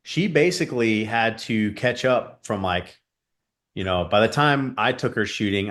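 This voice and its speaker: A man's voice: lowish voice, lively intonation, a little slow, a bit bright. A man speaking as a guest on a podcast, an earnest shooting coach rambling casually with many fillers. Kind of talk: casual interview chat.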